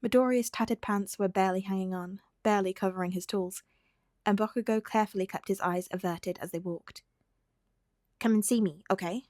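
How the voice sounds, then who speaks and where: A woman's voice: mid-range voice, steady tone, a little fast, a little mellow, no room sound. Woman reading a story aloud, dry and close. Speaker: podfic reader. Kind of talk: fan fiction audiobook narration.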